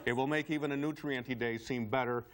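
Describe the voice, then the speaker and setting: A man delivering a mock-earnest comedy commentary, breaking into yelled punchlines. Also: medium pitch, fairly even intonation, quick pace, crowd noise.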